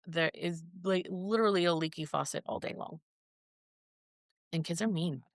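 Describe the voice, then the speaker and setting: The guest on this podcast, whose child has a rare disease, recounts her story at a moderate pace in a lowish voice, earnest yet casual, performing remembered conversations aloud. It's a clean studio recording without echo.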